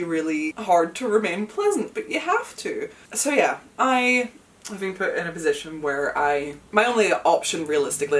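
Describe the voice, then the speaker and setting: A young woman from the UK with a mid-range voice talks casually to her camera at home, recorded from a distance. Emotional and chatty, she leans on fillers and lets out nervous laughs through the difficult parts.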